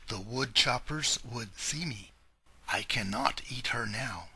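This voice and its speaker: A man's voice: medium pitch, takes it slowly, sharp tone, husky, full character voice. A man doing a sly, scheming wolf. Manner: sneaky, gleeful, with whispered scheming. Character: sly male wolf plotting to eat.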